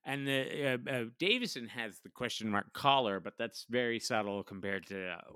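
A man's voice: mid-range voice, expressive, moderate pace, sharp tone, clear, resonant tone, no room sound. A man co-hosting a casual podcast chat, rambling with many fillers and frequent laughs. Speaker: podcast co-host. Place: lives in Washington, D.C.

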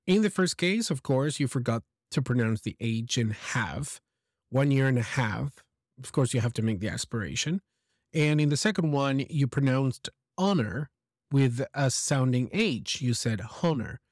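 A man's voice: mid-range voice, expressive, normal speed, no room sound, studio quality. A man hosting an English lesson, giving encouraging feedback on a listener's message and explaining pronunciation with examples. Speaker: English teacher and podcast host.

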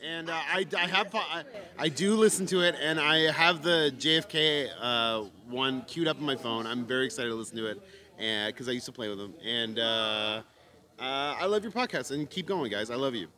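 A man, a band member, being interviewed, talking effusively and warm-heartedly in casual chat. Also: medium pitch, moderate pace. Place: at a noisy concert venue.

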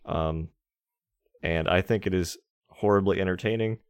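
A deep-voiced man chatting casually on a podcast, dropping dry jokes and quick asides. The sound is close and dry, with no echo. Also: smooth. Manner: joking, wry asides. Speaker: podcast co-host. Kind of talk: casual chat.

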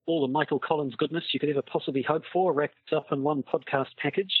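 Podcast co-host, male, husky voice, rambling and dry, heard over a tinny, muffled call line. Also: fairly high pitch, steady tone, fast, dry recording. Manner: wordy, rambling, dry humor. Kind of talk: casual chat over a call. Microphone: internet call.

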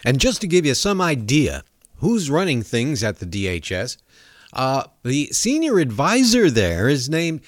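A male talk show host ranting in a profane, mocking monologue. His pitch swings up and down a great deal as he jabs at his targets. The sound is close and dry, with no room around it. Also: dry recording. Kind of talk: comedic rant monologue.

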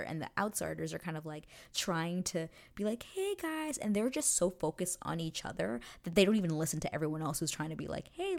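A young woman hosting a casual recap, excitedly chatting, swearing freely and acting out characters' lines in quick asides. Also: low-pitched, vocal fry. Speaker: podcast host recapping a TV show.

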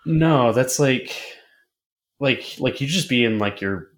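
A man co-hosting a podcast in casual chat, halting and repeating filler words as he thinks aloud. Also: mid-range voice, lively intonation. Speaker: podcast co-host.

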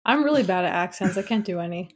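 A woman's voice: fairly low pitch, animated, fast talker. Eager giggly female co-host. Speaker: podcast co-host. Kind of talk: casual chat.

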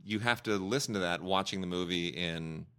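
Bright-voiced opinionated male podcaster. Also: sits low, normal speed, smooth. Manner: enthusiastic, opinionated, talks in long runs. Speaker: podcast co-host. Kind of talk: casual film review chat.

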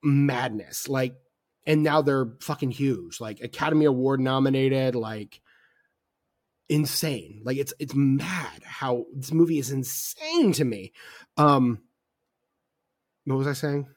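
A man's voice: medium pitch, slow, no room sound, studio quality. A man co-hosting a casual film podcast, talking with rambling enthusiasm, full of fillers and casual swearing. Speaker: podcast co-host.

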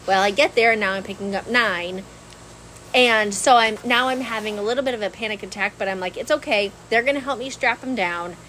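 A woman telling a long story in casual podcast chat, animated and laughing often. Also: medium pitch, a little fast, a little hiss or hum, low-quality recording. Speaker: podcast co-host.

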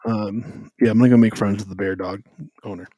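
A man's voice: fairly low pitch, fairly even intonation, a little fast, dark tone, husky, no echo. A man co-hosting a podcast, talking casually about faith in a rambling way, with lots of fillers and self-interruptions. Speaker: podcast co-host.

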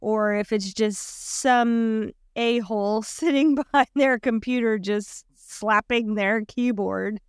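A woman's voice: fairly high pitch, takes it slowly, few pauses, clean tone, no echo, studio quality. A woman co-hosting a podcast, chatty and giggly, with many fillers. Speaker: podcast co-host. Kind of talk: casual podcast chat.

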